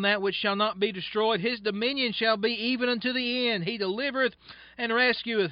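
A man with a high-sitting voice preaches a sermon, reading scripture aloud and explaining it through plain, folksy asides. The recording is dull, dry and lo-fi, with no room sound.

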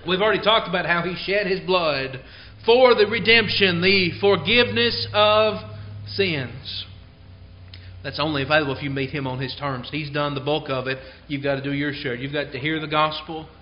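A man preaching a sermon in a church service, earnest and emphatic, slowing down to stress key phrases. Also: fairly high pitch, fairly even intonation. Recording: dull lo-fi sound.

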